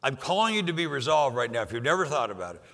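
An older man preaching a sermon, emphatic and repetitive, pushing some lines loud and dropping others low for effect. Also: sing-song, fast. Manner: emphatic, rising and dropping for effect, repeats phrases. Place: church sanctuary. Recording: long hall reverb.

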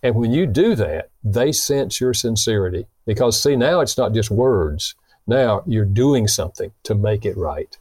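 A man's voice: fairly low pitch, measured pace, slightly rough, dry recording. Brief: male guest author, earnest storyteller, acts out quotes, dry close sound. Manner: animated storyteller who acts out quoted dialogue; explains with illustrations, earnest. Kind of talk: conversational teaching.

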